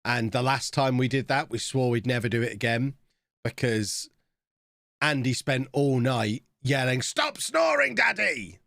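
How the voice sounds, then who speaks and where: A man's voice: mid-range voice, fairly even intonation, measured pace, a bit bright, no room sound, studio quality. A man in his thirties, chatting casually with viewers while reacting to a live game stream.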